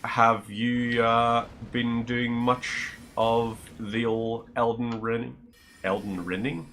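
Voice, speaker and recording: A man's voice: mid-range voice, flat delivery, slow, a bit bright, a little hiss or hum. A man with a Northern Irish accent chatting casually to his viewers while streaming a game, rambling and friendly. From Northern Ireland.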